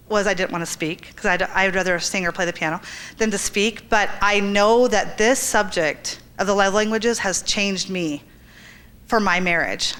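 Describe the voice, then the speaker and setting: A woman's voice: medium pitch, fairly bright tone, clean tone. A middle-aged woman giving an earnest church talk to women, telling stories and acting out the quotes. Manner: earnest, storytelling, acts out quotes. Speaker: women's ministry speaker.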